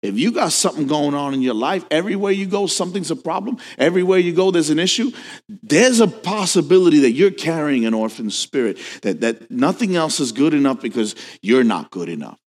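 Male pastor, slightly high voice, animated sermon delivery, long church reverb. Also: a little fast. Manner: animated preaching, swings from soft to shouting. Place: church sanctuary.

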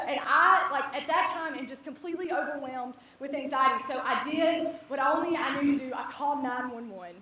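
High-voiced woman telling a story in an echoey hall. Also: fairly quick, few pauses, crowd noise. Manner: animated, laughing, acts out quotes. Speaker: speaker telling a personal story. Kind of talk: storytelling talk to a live audience. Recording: echoey hall, distant mic, audience.

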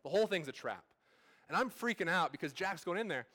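A man's voice: high voice, lively intonation, quick pace, bright, forceful tone. A man in his thirties, a pastor, preaching a sermon at a church service in a casual, storytelling way full of fillers and restarts.

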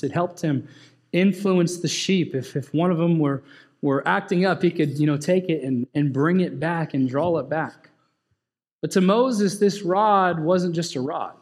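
Man, pastor, high-pitched voice, chatty sermon, questions to the congregation. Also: a little mellow. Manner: conversational preaching, asks the congregation questions, laughs.

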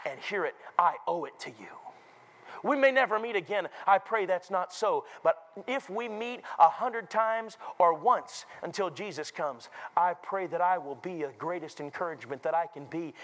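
A man preaching a revival sermon as a visiting preacher in a church, dramatic, acting out the voices he quotes, swinging from low murmurs to shouted peaks. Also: poor audio. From North Carolina. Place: church sanctuary.

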